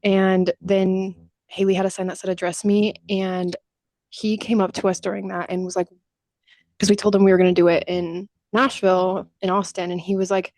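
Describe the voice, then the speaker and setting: Telling stories on the podcast she co-hosts, a young adult woman chats casually, curses now and then, and performs the quotes she repeats. She talks at a normal speed in a level, mid-range voice that is a little mellow, with no echo.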